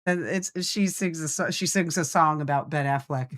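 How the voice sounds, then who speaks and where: A woman's voice: deep voice, normal speed. A woman joining a live game stream as co-host, chatting in a playful, giggly way. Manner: playful, giggly, jokes about the cats. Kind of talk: casual live-stream chat.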